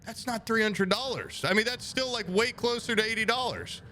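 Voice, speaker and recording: A man's voice: high voice, moderate pace. A young man streaming, telling a rambling, profane anecdote to his chat and acting out the people in it. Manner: animated, profane, rambling anecdote with quoted voices. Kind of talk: casual storytelling to chat.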